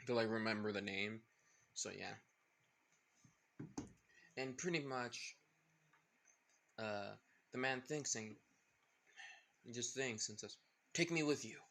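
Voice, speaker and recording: A man's voice: fairly low pitch, takes it slowly, vocal fry, long pauses, a bit bright, slight background noise. Rambling man telling a fan story. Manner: rambling, hesitant, full of restarts. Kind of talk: improvised fan-fiction narration.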